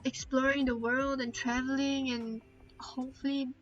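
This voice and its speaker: In a candid, heartfelt chat, a young woman who streams keeps holding back tears and frequently trails off into fillers. Her high voice moves little in pitch at a moderate pace, over lo-fi audio with soft background music.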